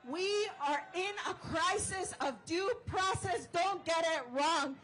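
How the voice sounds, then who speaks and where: A woman union organizer giving an impassioned rally speech outdoors, shouting call-and-response chants to the crowd. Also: extremely high pitch, slow pace, a little hiss or hum, rough recording.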